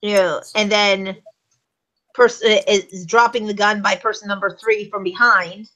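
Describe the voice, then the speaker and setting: A woman's voice: medium pitch, fairly even intonation, measured pace, pushed and bright, rough recording. A woman co-hosting a casual talk show, explaining at length and acting out short script examples. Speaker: co-host.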